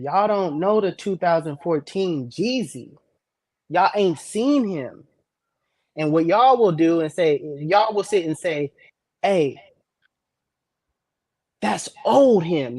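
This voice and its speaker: A regular on a casual talk stream, a man who competes in hair brushing, trash-talks with brash confidence and repeats his lines for emphasis in boastful chat. His voice is fairly high with a darkish tone, recorded in clean studio sound with no echo.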